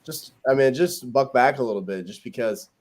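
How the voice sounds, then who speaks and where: A man's voice: mid-range voice, normal speed, darkish tone, poor audio. A man casually coaching his sales team on a live stream, loose and full of fillers, acting out both sides of seller calls. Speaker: acquisitions lead manager coaching a live feed.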